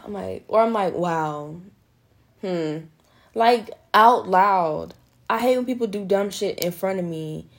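A young woman hosting a podcast in casual, frank monologue, swearing freely and calling listeners girl and honey. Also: mid-range voice. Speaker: podcast host.

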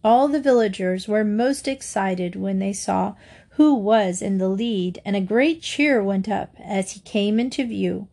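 A woman reading a children's storybook aloud in a gentle, steady storytelling manner. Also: medium pitch, a little slow, creaky. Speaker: storybook reader.

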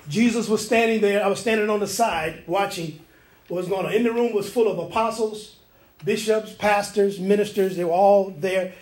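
A man preaches with a high, bright voice. He tells a dream in lively detail and acts out the voices and sounds in it. The sound carries an echo of the room around him. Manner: animated storytelling, acting out voices and sounds. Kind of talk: sermon testimony.

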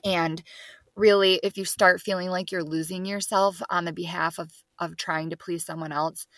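A woman's voice: lowish voice, fairly even intonation, normal speed, a bit bright, dry recording. A woman co-hosting a podcast in casual chat, upbeat as she moves the show through its segments. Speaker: podcast co-host.

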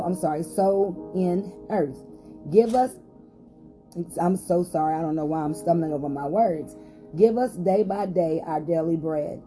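Low-voiced woman pastor, mellow tone. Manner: reads scripture with rising emphasis, hesitant fillers. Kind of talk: podcast Bible study reading.

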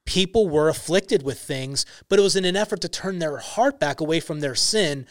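A young man talks earnestly on a faith podcast, stressing his points and leaning on casual fillers. His voice sits a little high. The sound is dry and close to the mic. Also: normal speed, no room sound. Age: young adult. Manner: earnest, emphatic storytelling with many "like" fillers. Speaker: podcast guest, ministry founder.

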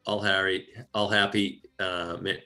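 A man with a lower voice retells comedy film scenes in a casual chat, laughing and acting out the characters' lines. Faint music sits underneath. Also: a little slow. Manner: animated, laughing, acts out quotes.

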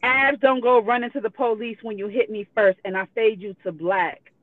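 High-voiced woman on a tinny phone line. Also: steady tone, normal speed, dry recording. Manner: blunt, profane, laughing between readings. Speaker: guest. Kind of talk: reading out messages on a live call.

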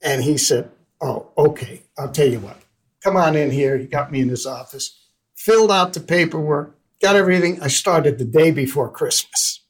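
An older Dutch man, appearing as a guest investor in an interview, tells a personal story with lively energy, acting out the dialogue of the people in it. His voice is on the high side, moderately paced and slightly rough, on a rough recording.

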